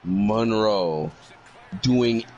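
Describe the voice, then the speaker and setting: A man's voice: on the low side, very slow, a little mellow, lo-fi sound, faint music behind. A man co-hosting a casual wrestling podcast, joking and teasing. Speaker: podcast co-host.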